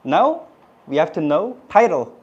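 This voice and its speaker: A middle-aged man with a Korean accent, whose first language is Korean, teaching Korean words to a class in a lively way. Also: fairly high pitch, unhurried, dull audio. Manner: animated, switches into cute playful put-on voices for examples.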